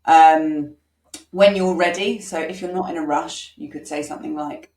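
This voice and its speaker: A woman with a low voice coaches parents in an informal online workshop. She talks in a loose, conversational way, full of ums, and slips into example phrases meant for children. Her voice sounds roomy and a little distant from the microphone. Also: fairly even intonation, moderate pace, a little mellow.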